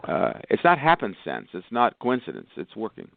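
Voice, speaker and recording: A man's voice: fairly low pitch, huge pitch swings, normal speed, gravelly, dry recording. A male physician guest talking with enthusiasm on a phone interview, rambling through long lists. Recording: tinny phone line, dry.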